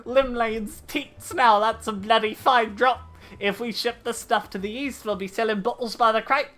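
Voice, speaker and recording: A woman voicing a boisterous old male pirate sailor who talks in rough sailor dialect. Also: fairly high pitch, normal speed, fairly bright tone, faint music behind, voice pushed up, natural voice. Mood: hearty.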